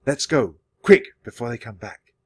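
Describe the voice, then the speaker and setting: A man's voice: mid-range voice, expressive, moderate pace, darkish tone, slightly rough, dry recording, clean studio sound. A man voicing a cautious, nervous young boy who talks anxiously and urgently.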